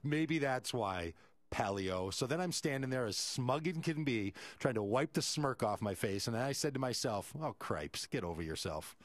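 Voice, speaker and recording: A man's voice: medium pitch, animated, normal speed, no echo. A male radio host, telling a story animatedly and acting out the quoted voices.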